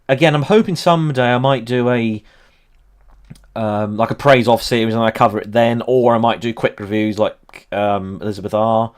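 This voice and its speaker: Casual and rambling, a thirty-something man runs a history livestream, laughing often and dropping plenty of ums. He speaks at a normal speed in a mid-range, fairly even voice.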